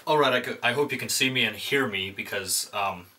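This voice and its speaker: A man's voice: medium pitch, brisk, sharp tone. A young man hosting a casual comedic tutorial at home, rambling and self-deprecating, with lots of fillers. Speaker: host. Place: room at home, filming himself. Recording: echoey room.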